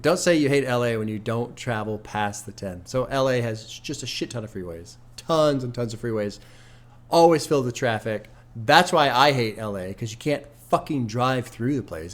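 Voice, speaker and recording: A man hosting a casual album reaction, rambling through tangents with loose swearing and laughs at his own stories. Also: mid-range voice. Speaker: music reaction host.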